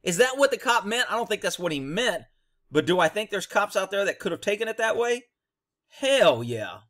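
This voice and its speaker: A man's voice: sits high, sing-song, moderate pace, fairly bright tone. A man, a former police officer, giving blunt, profane commentary on a video and telling his own cop stories.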